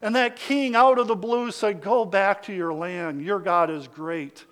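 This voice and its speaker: A man preaching a sermon, swinging from hushed lines to loud calls for amens and acting out the voices of his listeners. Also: high-pitched, a little slow. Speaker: pastor.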